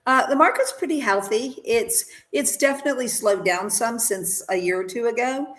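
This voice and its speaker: Texas woman realtor, interview guest; even, down-to-earth delivery. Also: fairly high pitch, normal speed. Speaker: real estate agent guest. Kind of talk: casual interview answers.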